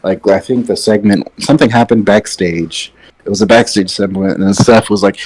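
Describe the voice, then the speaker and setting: A man co-hosting a casual wrestling podcast, relaxed and opinionated, sitting some way back from his microphone. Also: fairly low pitch, fast talker, poor audio. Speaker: podcast co-host. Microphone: sitting far from his mic.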